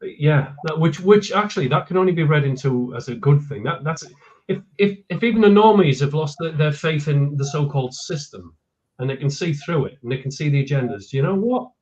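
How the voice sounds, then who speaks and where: A man's voice: fairly high pitch, lively intonation, a little fast, a little mellow. A man joins a casual online chat as co-host, sounding easygoing and agreeable. He repeats words as he works out what to say. His voice comes through a dull, lo-fi connection.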